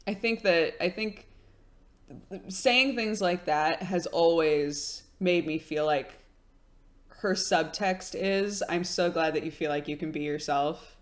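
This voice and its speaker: A woman's voice: on the low side, slow. A young woman streamer chatting casually with her live chat, telling stories with lots of fillers and giggles.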